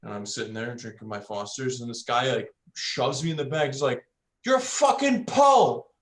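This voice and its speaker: A man's voice: medium pitch, brisk, a bit bright. A man on a video call with friends, telling a rambling, profane story in casual chat.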